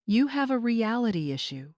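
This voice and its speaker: A woman voicing a retired homeowner in her seventies who speaks with calm, clipped authority. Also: on the high side, normal speed, no room sound, studio quality, voice pushed up. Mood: cool. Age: 70s.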